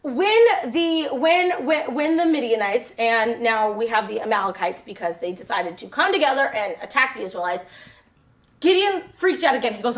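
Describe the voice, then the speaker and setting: A woman's voice: sits high, lively intonation, normal speed, a bit bright. A woman retelling a Bible story for children in a casual, rambling way, with lots of fillers and self-corrections.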